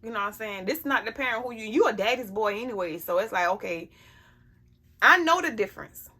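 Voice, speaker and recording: Speaking a little fast in a mid-range voice, this woman sounds pushed, bright, and slightly rough, with lively intonation. She's a parent giving life advice to her camera in a casual vlog, blunt and emphatic, often checking in by asking "you know what I'm saying."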